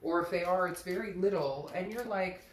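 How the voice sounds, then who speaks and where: A woman giving a casual tarot reading, frank and animated, sometimes swearing and acting out what people might say. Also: moderate pace, echoey room. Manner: animated, frank, swears, acts out quoted lines in a high voice. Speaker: tarot reader.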